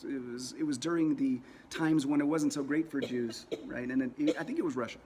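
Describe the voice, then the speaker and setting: A man's voice: mid-range voice, steady tone, brisk, darkish tone, slight background noise. A man teaching a lesson in a casual, conversational way, often repeating words as he tells a story. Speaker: religious teacher.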